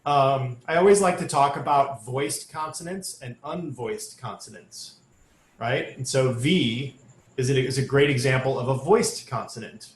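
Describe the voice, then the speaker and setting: Running a choir rehearsal online, this director speaks in a mid-range voice, unhurried, from an echoey room on a video call. Between spoken pointers about diction, he breaks into brief sung demonstrations.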